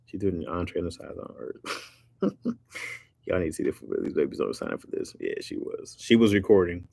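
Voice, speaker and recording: A man's voice: sits low, huge pitch swings, moderate pace, vocal fry, darkish tone, husky, dry recording, studio quality. A man hosting a casual live stream, talking loosely and jokingly with slang while reacting to viewer comments.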